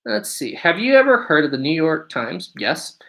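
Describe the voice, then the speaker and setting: Young man in his twenties, livestream host, bright and upbeat, chatty, grateful to the chat. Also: on the high side, very animated, normal speed, vocal fry, rough recording. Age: 20s. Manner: upbeat, chatty, thanks viewers often. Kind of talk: casual live-stream chat answering viewer questions.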